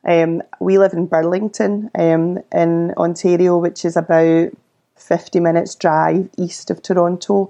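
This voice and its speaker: A relaxed Glaswegian woman in her forties talks easily as an interview guest. She has a low, gravelly voice with a mellow, dark tone, and she fills her talk with ums and likes. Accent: Glaswegian Scottish. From Scotland. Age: 40s. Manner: relaxed, chatty, frequent fillers. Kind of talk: casual interview chat.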